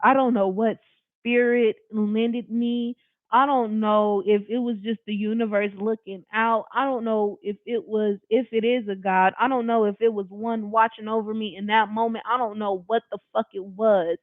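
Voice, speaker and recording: A person from Long Beach, California telling a personal story to camera in an animated, emphatic, slangy and profane way, talking straight to viewers. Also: medium pitch, moderate pace, dry recording. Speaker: storyteller recounting a personal experience. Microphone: camera facing the speaker. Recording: dry, tinny phone-like sound.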